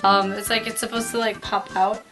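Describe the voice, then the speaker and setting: Slightly hoarse woman, laid-back and swearing. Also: medium pitch, flat delivery, brisk, music in the background, low-quality recording. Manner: laid-back, swears casually, laughs often. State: voice a bit hoarse. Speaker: channel co-host. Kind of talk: casual chat.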